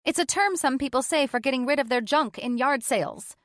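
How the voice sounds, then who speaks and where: A woman's voice: high voice, a little fast, no echo, clean studio sound, voice pushed up, lightly acted. A woman voicing a smug, tipsy woman friend who is catty and teasing, stretching her words condescendingly. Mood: confessional.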